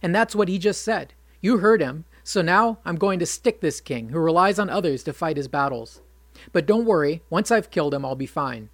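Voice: mid-range voice, expressive, moderate pace, no room sound, close to an everyday voice. A narrator voicing a hot-headed young warrior prince who talks in a defiant hiss. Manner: hissing, defiant.

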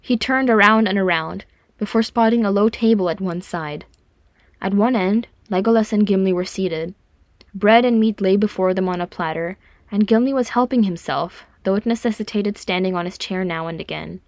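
A woman narrating a fan fiction audiobook in a calm, measured way. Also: mid-range voice, no room sound, clean studio sound. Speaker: audiobook reader.

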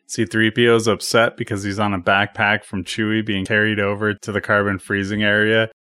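A man with a fairly low voice talks through a movie plot in a relaxed, casual way, slipping in dry little jokes between the story beats. The sound is close and dry, with no room around it. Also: brisk, clear, resonant tone, no room sound. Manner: wry, joking asides while summarizing. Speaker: film recap narrator. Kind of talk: casual film recap narration.

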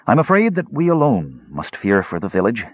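A gentle, guilt-ridden woman weaver, played by a man, pleads softly and tearfully in a raised voice. The sound is husky and dry, slightly dull and lo-fi, in an audiobook read. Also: fairly low pitch, wildly swooping pitch, moderate pace, no room sound, full character voice. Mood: sorrowful.

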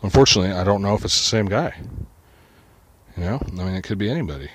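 A man's voice: fairly low pitch, fast, breathy edge. A man delivering an agitated, profane ranting monologue, swearing constantly and muttering to himself.

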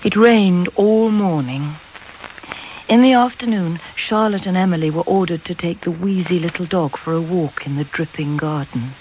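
A measured audiobook narrator with a mid-range voice who slows down to linger on key words. The reading comes through a slightly dull, lo-fi recording. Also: mid-range voice, darkish tone, a little hiss or hum. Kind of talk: scripted narration.

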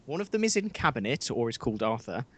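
A man co-hosting a podcast in a loose, joking banter. He talks in lively, quick bursts and keeps the conversation moving. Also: mid-range voice. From England. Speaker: podcast co-host. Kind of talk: casual chat.

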